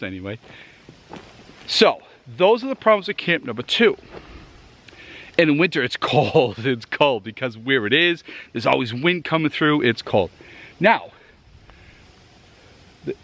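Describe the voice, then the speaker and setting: Hiking in the woods and short of breath, a Massachusetts-accented gear vlogger chats loosely with his audience, addressing them directly. His fairly high, fairly bright voice has lively intonation, and he talks a little slowly with frequent pauses.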